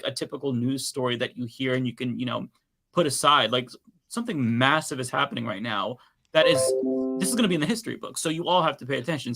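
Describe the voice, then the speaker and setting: Young guy cohost on a political stream, kinda gravelly, earnest and measured. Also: medium pitch, pushed and bright. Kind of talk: casual panel chat.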